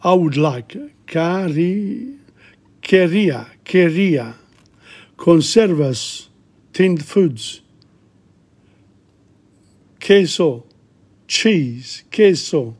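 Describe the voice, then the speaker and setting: A man teaching a casual vocabulary lesson, slowly repeating words aloud with hesitant fillers. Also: a little high, expressive, a little mellow, breathy edge. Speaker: language teacher.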